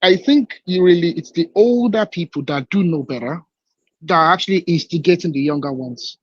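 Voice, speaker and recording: A man with a fairly high voice makes his case emphatically, repeating points and stumbling over words. His voice comes through a dull, lo-fi phone-in line, dry and close. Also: normal speed, no echo. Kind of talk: live call-in debate.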